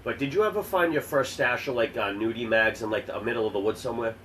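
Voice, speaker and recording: A man co-hosting a podcast, talking fast in a crude, joking, rapid-fire way. His voice sits in a middle register and comes across a bit distant from the mic. Faint background noise runs underneath. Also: mid-range voice, a bit bright. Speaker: podcast co-host. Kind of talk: casual chat.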